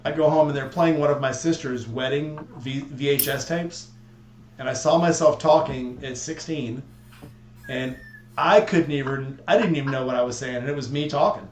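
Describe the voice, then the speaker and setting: A man's voice: medium pitch, moderate pace. A man from southeast Texas chatting casually and telling rambling, joking stories to friends. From southeast Texas near the Louisiana border. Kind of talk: casual chat. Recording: echoey room, faint hum.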